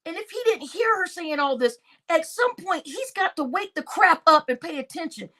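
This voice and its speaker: A woman's voice: extremely high pitch, expressive, moderate pace, bright, forceful tone. A woman giving an indignant, exclaiming livestream commentary, talking straight to her chat.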